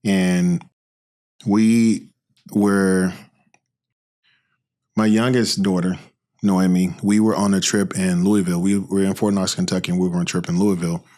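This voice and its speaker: A middle-aged man hosting a podcast, talking in a sympathetic, relaxed conversational way and sharing his own family story. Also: deep voice, measured pace, pauses often. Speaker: podcast host. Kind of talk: conversational interview.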